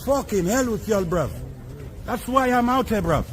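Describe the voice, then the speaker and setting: A man in the street, exasperated and protesting loudly at police as the scene is filmed. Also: high-pitched, lively intonation, moderate pace, a little hiss or hum. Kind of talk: heated street argument. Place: outdoors on a street. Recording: crowd around him in the street.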